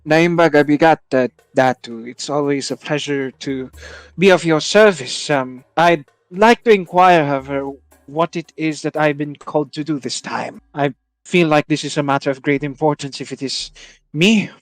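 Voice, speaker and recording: A man's voice: fairly high pitch, normal speed, no echo, faint music behind, lightly acted. A man voicing a tall tattooed male tiefling who speaks politely and formally. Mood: courteous.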